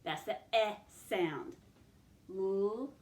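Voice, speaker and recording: A woman's voice: medium pitch, animated, echoey room, a little hiss or hum. A woman teacher taking young pupils through a phonics lesson, sounding out and stretching words. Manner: slow, stretched-out word sounding.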